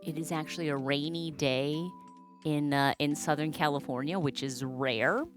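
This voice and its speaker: A woman's voice: low voice, fairly even intonation, normal speed, faint music behind. A woman hosting her balloon art stream, chatting casually in a playful, gushing way. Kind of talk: casual chat.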